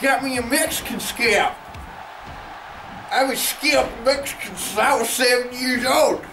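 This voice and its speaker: Brief: man doing a boastful cowboy wrestler, high and gravelly, hollering, noisy roomy recording. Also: measured pace, shouting. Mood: rowdy. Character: rowdy bigoted male cowboy wrestler, crude and boastful. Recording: echoey and distant with noise.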